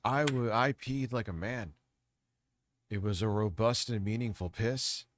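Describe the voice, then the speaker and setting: Rambling jokey streamer, lowish dry voice. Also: male voice, measured pace, no echo. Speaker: livestream host. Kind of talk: casual livestream chat.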